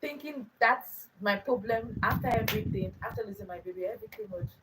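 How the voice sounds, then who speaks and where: A woman's voice: a little high, fairly quick, distant mic, heavy background noise. A young adult woman hosting her own channel, telling a personal story in an earnest way, repeating phrases for emphasis. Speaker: channel host.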